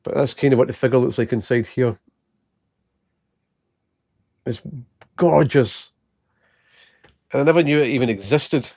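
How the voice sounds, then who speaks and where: A man's voice: mid-range voice, a little slow, pauses often, a little mellow. A Scottish man in his late thirties tells stories from work and shopping in a loose, casual way. He laughs a lot and slips into voices for the people he quotes. The sound is close and dry, with almost no room echo. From Scotland. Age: 30s. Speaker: vlogger. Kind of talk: casual storytelling.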